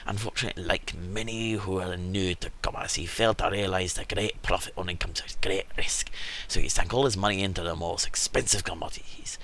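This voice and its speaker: A man's voice: low-pitched, fairly even intonation, brisk, fairly bright tone. A man voicing a scheming middle-aged town merchant in a put-on Scottish accent, spinning a long, wordy, conspiratorial tale. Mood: conspiring.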